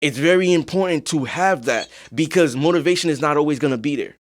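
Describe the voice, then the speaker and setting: A man's voice: on the high side, fairly quick. Blunt, profane man hosting a podcast. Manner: blunt, profane, emphatic, with frequent "you know what I'm saying". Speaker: podcast host. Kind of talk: casual podcast monologue.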